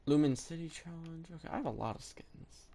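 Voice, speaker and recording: A woman giving chatty, rambling commentary over her own gameplay, thinking aloud with lots of fillers and sudden bursts of excitement. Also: deep voice, fairly quick. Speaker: gaming video creator.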